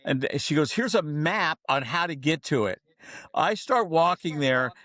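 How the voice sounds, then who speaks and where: Animated storytelling man, higher voice. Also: a little slow. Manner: animated storyteller, acts out dialogue. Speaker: guest, keynote speaker. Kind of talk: storytelling in a podcast interview.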